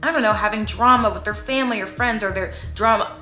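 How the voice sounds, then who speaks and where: Woman vlogger, chatty and sarcastic storyteller; bright tone, roomy echo. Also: fairly high pitch, expressive, fairly quick, hardly any pauses, soft background music. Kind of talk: casual storytime vlog.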